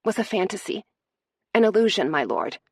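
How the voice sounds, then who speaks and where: A woman's voice: mid-range voice, sing-song, moderate pace, breathy edge, no room sound, studio quality, voice pushed up. A woman voicing a proud, scarred young maid who was once a warrior, speaking in a tearful, pleading and defiant way.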